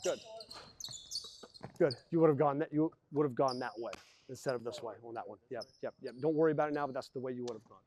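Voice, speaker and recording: A man's voice: mid-range voice, fast, slight background noise. A man coaching a basketball team through plays on the court, explaining and calling out actions with energy. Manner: energetic, calls out plays and acts out players' voices. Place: indoor basketball gym.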